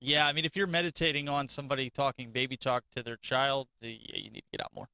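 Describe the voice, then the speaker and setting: A man's voice: mid-range voice, steady tone, quick pace, pushed and bright, smooth, no echo. A male podcast co-host and father of two, chatting casually and laughing easily as he tells stories. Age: adult father of two.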